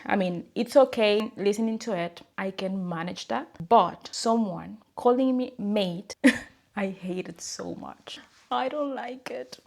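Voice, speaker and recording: A young woman with a Spanish accent, a native Spanish speaker from a small tropical country, answering viewer questions in a casual, hesitant way with fillers and soft laughs. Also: medium pitch, gravelly. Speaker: vlogger. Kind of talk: casual Q&A to camera.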